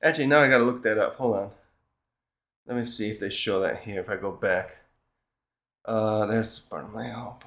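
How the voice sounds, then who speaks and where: A man's voice: on the low side, normal speed, long pauses, fairly bright tone. Rambling man reviewing a comic chapter. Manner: rambling, self-interrupting, acts out characters' lines. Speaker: manga review host. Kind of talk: casual solo chapter review.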